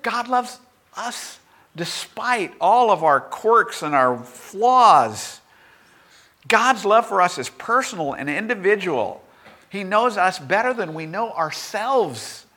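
A man's voice: sits high, sing-song, takes it slowly, bright, forceful tone. A middle-aged male pastor preaching a sermon in a conversational way, with humorous asides.

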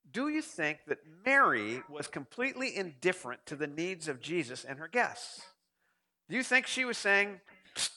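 A man's voice: high voice, creaky, pushed and bright. A male pastor preaching a sermon and putting rhetorical questions to his listeners.

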